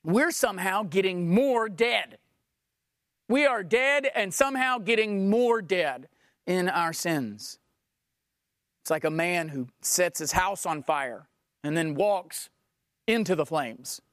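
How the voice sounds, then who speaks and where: A woman's voice: lowish voice, expressive, slow pace, no room sound. Woman preacher, emphatic sermon delivery with rhetorical questions, dry close sound.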